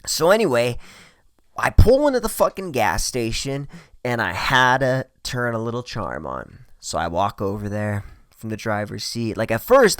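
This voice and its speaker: A man's voice: mid-range voice, no room sound, studio quality. A man telling a true story in a casual, profane way, acting out the voices of the people in it. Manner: profane, animated, acts out quoted voices.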